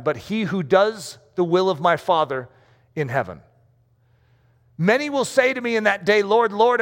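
A man's voice: high-pitched, fairly bright tone. A man preaching a sermon with emphasis, acting out the voices of the people he quotes. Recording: long hall reverb.

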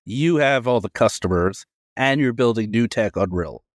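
A man hosting a podcast, summing up points in a brisk, plain-spoken way. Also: mid-range voice, animated, dry recording, clean studio sound. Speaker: podcast host. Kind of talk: casual interview chat.

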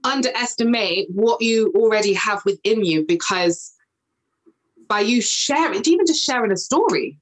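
A woman in her thirties talking as a podcast guest in a relaxed, casual chat. She is animated and leaps up in pitch whenever she acts out what she once said or thought. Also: moderate pace, low-quality recording. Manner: animated, acts out past conversations in a higher voice.

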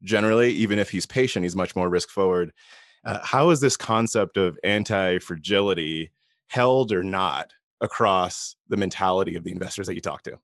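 A man's voice: low voice, moderate pace, fairly bright tone, dry recording, studio quality. A man hosting a podcast interview, asking long, winding questions with fillers. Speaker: podcast host.

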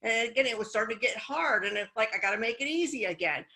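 A woman's voice: fairly high pitch, expressive, fast, sharp tone, low-quality recording. A middle-aged woman business coach speaking candidly and encouragingly in a casual chat, sharing personal stories. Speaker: business coach and event host.

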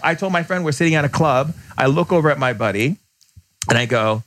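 A man, a podcast guest who is a shaman, telling stories in conversation, blunt and emphatic, often acting out the people he quotes with sudden jumps in pitch. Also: a bit bright, dry recording. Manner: emphatic, blunt, fast bursts. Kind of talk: animated storytelling in conversation.

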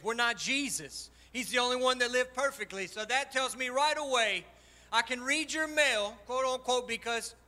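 High, bright-voiced preaching man. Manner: impassioned, personal testimony, swings loud and soft. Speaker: pastor. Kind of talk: sermon. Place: church sanctuary.

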